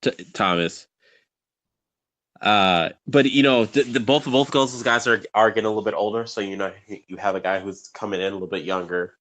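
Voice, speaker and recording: A man's voice: lowish voice, a little fast, fairly bright tone. A man co-hosting a sports podcast, talking casually and rambling with many fillers and restarts. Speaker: podcast co-host.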